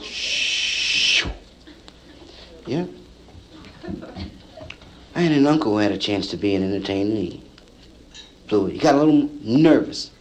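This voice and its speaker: A male stand-up comedian telling a story to a live audience, acting out the people in it with lively punchlines, from an old vinyl comedy album. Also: on the low side, moderate pace, pauses often, a little hiss or hum, rough recording. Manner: acts out characters in the story, lively punchline delivery. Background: audience laughter.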